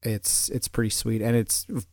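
Speaking at a normal speed, this podcast co-host has a fairly low, slightly mellow voice and a flat delivery. He chats casually, rambling through many restarts and fillers. The recording is dry and of studio quality.

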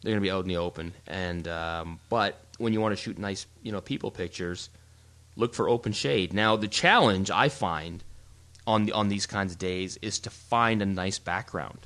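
A man co-hosting a casual photography podcast, explaining in an animated, rambling way with frequent restarts. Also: low-pitched, moderate pace. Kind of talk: casual chat.

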